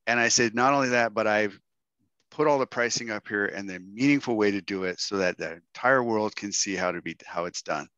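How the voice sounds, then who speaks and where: Bright, animated man telling a story. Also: fairly low pitch, brisk, no echo, lo-fi sound. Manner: animated and joking, with frequent "right?" and "dude"; acts out other people's lines in raised voices. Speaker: guest speaker at an online workshop. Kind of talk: casual storytelling to a live audience.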